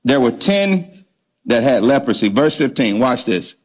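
This pastor speaks at a medium pitch with a sing-song, slightly slow delivery. His sermon is emphatic, hammering points through repetition and call-and-response questions put to the congregation.

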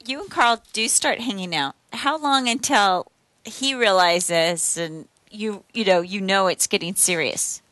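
A woman's voice: mid-range voice, measured pace, sharp tone, no echo. Woman interviewer, supportive and dry. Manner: supportive listener, many affirming "mm-hmm"s. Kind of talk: faith-based interview chat.

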